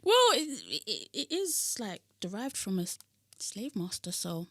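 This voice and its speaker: A young woman from London co-hosts a podcast in a bright, lively voice that swoops up and down. She talks with animated energy, laughing often and flaring into indignant bursts. The sound is dry and close. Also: mid-range voice, unhurried, dry recording. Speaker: podcast co-host. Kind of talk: casual chat.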